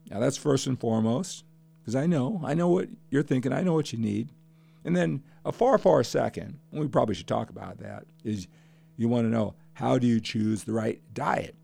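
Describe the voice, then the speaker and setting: Older man, podcast host, gravelly voice, mellow tone, passionate and emphatic, repeats phrases for effect. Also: mid-range voice. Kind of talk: podcast monologue.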